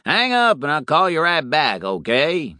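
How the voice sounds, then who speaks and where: A man voicing an exasperated businessman talking on his cell phone, raised and lively. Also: fairly high pitch, a little slow, no room sound, studio quality, voice pushed up, heavily acted. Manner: brash, exasperated.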